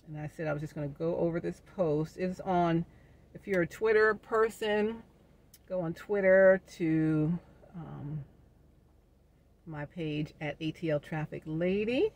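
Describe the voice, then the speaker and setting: A middle-aged woman speaks to her viewers in a chatty, uplifting vlog. Her voice carries a gravelly rasp, and she drops preacher-like asides and laughs easily. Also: lowish voice, slow. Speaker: vlogger. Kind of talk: casual inspirational vlog talk.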